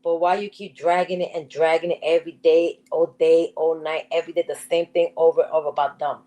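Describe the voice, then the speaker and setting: A co-host on a live-stream chat, talking calmly and reasoning with someone, repeating questions. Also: mid-range voice, brisk. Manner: calm, reasoning, repetitive questioning.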